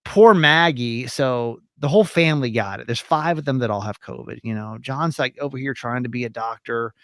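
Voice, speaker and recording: A man's voice: medium pitch, normal speed, a bit bright, dry recording, studio quality. A man hosting a podcast, chatting casually in a rambling way with some swearing. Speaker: podcast host. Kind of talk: casual chat.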